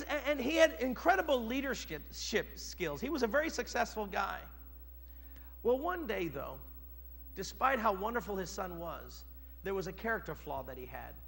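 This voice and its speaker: Man, preacher, sermon, high bright voice, dramatic storytelling, long hall reverb. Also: gravelly, breathy edge. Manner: storytelling with shifts from quiet narration to loud dramatic peaks.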